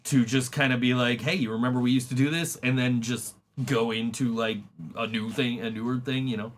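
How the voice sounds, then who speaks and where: A man's voice: mid-range voice, fairly even intonation, a little fast. Man, podcast host, casual chat, laughs a lot, swears, restarts sentences. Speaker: podcast host and band member.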